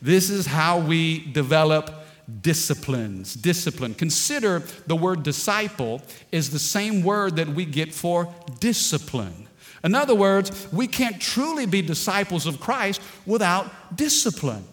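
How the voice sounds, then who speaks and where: A man's voice: on the high side, very animated, measured pace. Preaching man with ringing hall reverb. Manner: dynamic preaching, call-and-response with congregation, storytelling with humor. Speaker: pastor. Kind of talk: sermon. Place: large church sanctuary.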